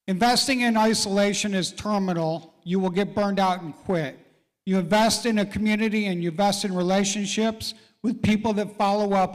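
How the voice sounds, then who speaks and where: A middle-aged man hosting a live real estate event, folksy and encouraging as he calls out people in the audience by name. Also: high voice. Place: large event hall. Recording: reverberant event hall.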